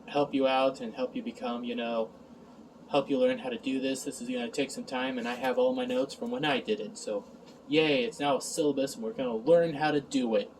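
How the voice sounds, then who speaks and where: A man's voice: mid-range voice, darkish tone, recorded from a distance, a little hiss or hum, low-quality recording. A man recapping an episode in a casual review, sarcastic and exasperated, sighing and mocking the lines he quotes.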